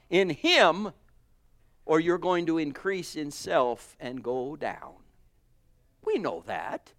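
Preaching to his congregation in a high voice, a man fervently alternates between quiet, hushed passages and loud, forceful calls, calling his listeners brothers and sisters again and again.

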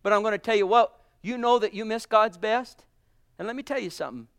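A man preaching with fervor in a high voice, calling his listeners brothers and sisters. He swings from quiet, hushed lines to loud, rising exclamations. The sound is close and dry, with no room echo. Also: brisk, clear, resonant tone. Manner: addresses congregation as brothers and sisters. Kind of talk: sermon. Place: church.

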